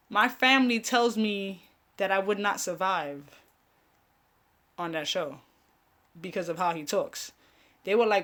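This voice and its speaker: With a lowish, slightly bright voice, a young woman hosts a relaxed live stream and talks directly to her viewers. She grew up speaking Spanish in a Caribbean family, and she laughs a lot and swears without holding back.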